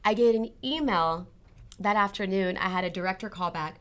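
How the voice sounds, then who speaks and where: A woman's voice: medium pitch, moderate pace, fairly bright tone, clear, resonant tone. A woman guest in a casual interview, animatedly telling a personal story and acting out her own past conversations.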